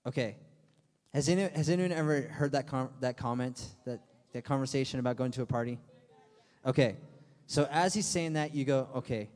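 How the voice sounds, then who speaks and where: A man's voice: medium pitch, brisk, a little mellow. A young man preaching to a youth group as their pastor, talking casually with lots of fillers and playful asides. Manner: casual and chatty, full of fillers, acting out friends' voices for laughs. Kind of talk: youth sermon. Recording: long hall reverb.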